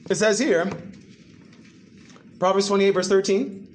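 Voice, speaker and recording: A man preaching a sermon to a church congregation, animated and full of rhetorical questions. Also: high-pitched, a little slow, a little hiss or hum. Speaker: pastor.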